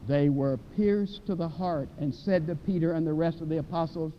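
A man preaching a sermon, repeating phrases for emphasis and slowing down to press home each scripture quote. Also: steady tone. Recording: dull lo-fi recording with faint rumble.

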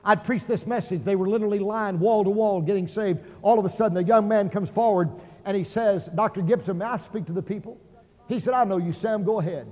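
An Oklahoma evangelist preaches a revival sermon in a large auditorium, his voice sitting high and moving fairly quickly. He is impassioned, acting out the voices in his stories and climbing to near shouts. The sound is dull, with long hall reverb.

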